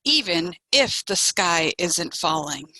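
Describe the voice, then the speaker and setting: A woman's voice: lowish voice, very animated, slow, bright, forceful tone, dry recording, full character voice, low-quality recording. A woman voicing a sensible, matter-of-fact female squirrel in a storybook.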